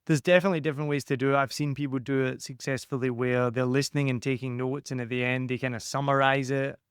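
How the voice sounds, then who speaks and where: Man, podcast coach, energetic, smooth clear voice, mid pitch, dry close mic. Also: quick pace, dry recording. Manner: energetic, acts out quotes in livelier voices. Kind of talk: conversational podcast audit.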